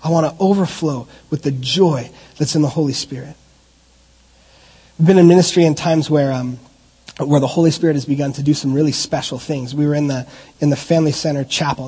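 A middle-aged man preaching a sermon, swinging from loud animated preaching to relaxed storytelling full of restarts. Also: medium pitch, a little fast, breathy edge, in a large hall. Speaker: pastor.

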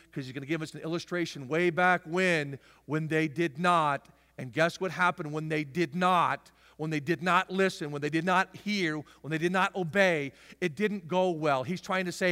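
A man preaching a sermon as pastor, emphatic and repetitive, rising to shouts and dropping into jokey asides. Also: on the high side, normal speed. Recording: long hall reverb.

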